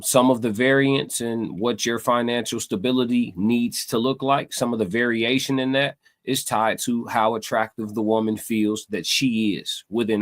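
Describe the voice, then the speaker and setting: A man hosting a live stream, talking casually to his chat in a loose, meandering way, repeating himself and searching for words. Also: medium pitch. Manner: loose and meandering, many fillers and repeated phrases.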